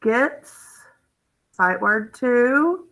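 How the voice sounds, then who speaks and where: A woman teaches young children a phonics lesson, thinking aloud as she codes words and gasping with delight at each new rule in an encouraging way. Her voice is fairly high, expressive, very slow and a bit bright, on a rough recording.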